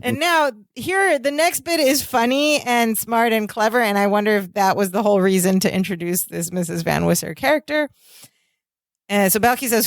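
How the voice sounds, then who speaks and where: A woman's voice: on the high side, normal speed, no echo, studio quality. A woman co-hosting a podcast, casually recapping a sitcom episode scene by scene and now and then quoting lines in a put-on voice. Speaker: podcast co-host.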